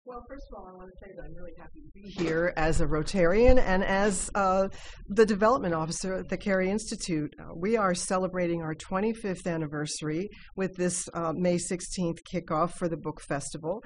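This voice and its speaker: A woman's voice: fairly low pitch, fairly quick, slight background noise. A woman, a guest on a radio show, speaking earnestly about an event, with frequent fillers. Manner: earnest, promotional, with many uh fillers. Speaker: guest, development officer.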